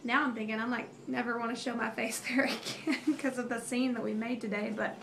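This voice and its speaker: A woman in her thirties tells a family story in a rambling, emotional way, full of fillers and restarts. Her voice sits a little high. Faint background hiss runs under the recording. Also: steady tone, fairly quick, creaky. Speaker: mother telling a family story. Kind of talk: casual storytelling.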